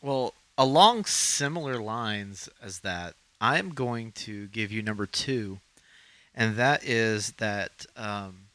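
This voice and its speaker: A man's voice: lowish voice, takes it slowly. A man from Arkansas co-hosting a podcast, chatting casually and rambling with lots of ums. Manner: relaxed, rambling with many ums. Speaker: podcast co-host. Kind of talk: casual chat.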